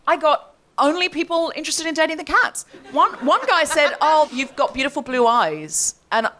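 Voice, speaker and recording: A woman hosting a live comedy podcast, telling a story on stage with lots of laughing and animated delivery. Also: high voice, moderate pace.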